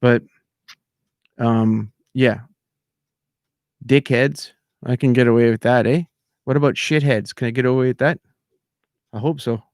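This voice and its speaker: A middle-aged man with a gravelly, creaky voice rants in loose, indignant commentary, full of fillers and restarts. His voice sits at a middling pitch and sounds close and dry, with no room around it. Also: fairly even intonation, unhurried, long pauses, darkish tone, dry recording. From outside America. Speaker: channel host. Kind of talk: casual ranting commentary.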